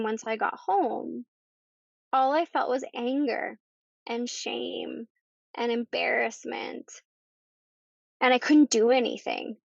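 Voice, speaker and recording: A woman, a podcast guest, tells her personal story in conversation, halting and repeating herself as she goes. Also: fairly high pitch, gravelly, no echo. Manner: halting, with many pauses and repeated words. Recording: dull lo-fi dry recording.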